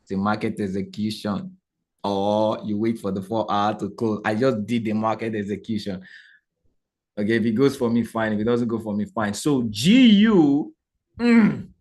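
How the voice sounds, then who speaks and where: A man teaching a live trading lesson to viewers. He talks in an animated, preacher-like way, asks rhetorical questions and keeps checking in with his audience. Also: lowish voice, normal speed.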